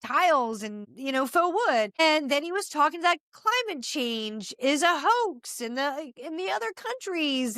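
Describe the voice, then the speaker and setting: Woman, podcast host, exasperated commentary, very lively delivery, dry close sound. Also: high-pitched, dry recording. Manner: animated, exasperated ranting with frequent asides. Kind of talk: opinionated casual commentary.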